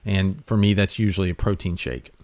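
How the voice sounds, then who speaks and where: A man hosting a talk, giving health advice in a relaxed, conversational way with fillers and restarts. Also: sits low, brisk, no room sound. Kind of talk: casual explanatory talk.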